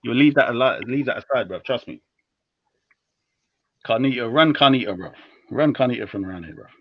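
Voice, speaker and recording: A young man hosting a live stream, talking in slangy, teasing, heated casual banter that jumps between loud and low. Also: lively intonation, fairly quick, dry recording. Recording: dull lo-fi stream audio.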